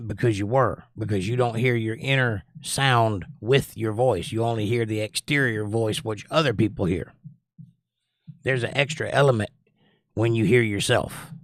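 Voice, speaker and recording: His voice sits on the low side with a fairly bright tone and a moderate pace as this livestream host, a Georgia man with a faint Southern accent, reads chat messages in a lifted voice. He then muses over them analytically at length, recorded cleanly in a studio with no echo.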